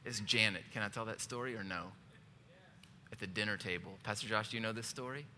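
A man's voice: fairly low pitch, brisk, sharp tone. A male pastor preaching a sermon in a church, joking, telling a personal story and asking the congregation questions. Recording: long hall reverb, faint background noise.

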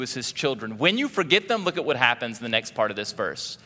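A male pastor preaching a sermon in an animated way, often asking the congregation questions. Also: medium pitch, fast, hardly any pauses. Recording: reverberant hall.

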